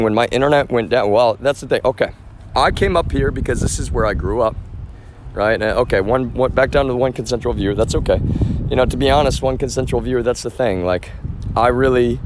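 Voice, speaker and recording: A man livestreaming outdoors on a street, talking in an agitated, rambling rant full of swearing and asides to viewers. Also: mid-range voice. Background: traffic.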